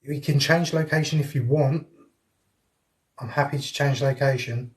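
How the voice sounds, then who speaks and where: A man's voice: medium pitch, fairly even intonation, normal speed. A man streaming a live ghost hunt inside a house, talking to viewers and calling out to spirits in a chatty way. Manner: chatty, addresses viewers and spirits directly, laughs often. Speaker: paranormal investigator streaming live. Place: indoors in a house.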